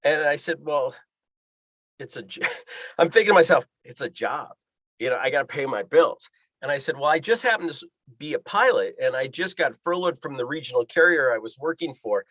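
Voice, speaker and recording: A pilot and fishing guide appears as a podcast guest, animatedly telling a story and voicing the characters in the dialogue he quotes. His voice is on the high side and a bit bright, with lively intonation and a fairly quick pace, in a dry recording.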